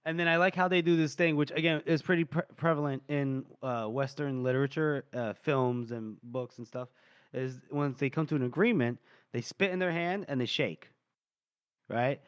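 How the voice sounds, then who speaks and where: A man co-hosting a podcast who retells a story in a casual, animated way and laughs often. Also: mid-range voice, normal speed, smooth, dry recording, clean studio sound. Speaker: podcast co-host. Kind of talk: casual book discussion.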